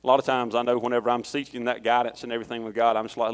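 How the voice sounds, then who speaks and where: A man preaches in a casual, conversational way and moves easily from a personal story to scripture. His voice sits at an ordinary middle pitch. The sound carries a long reverb from a church hall. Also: little pitch movement, rapid-fire. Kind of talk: sermon.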